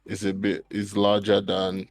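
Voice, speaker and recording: A man's voice: low voice, completely flat delivery, a little slow, vocal fry, soft background music. A young man with a Nigerian accent, learning to code from a friend live, casual and easily flustered. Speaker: coding student. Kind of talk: live-streamed coding lesson.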